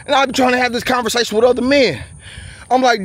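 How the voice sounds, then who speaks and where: A man's voice: very high-pitched, fairly even intonation, fast talker. A man, talking to the camera in a preachy rant while walking outdoors on a bayou trail, sweaty and short of breath. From USA. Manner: loud, preachy rants with frequent laughs. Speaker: vlogger. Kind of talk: walking vlog monologue. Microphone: handheld camera while walking.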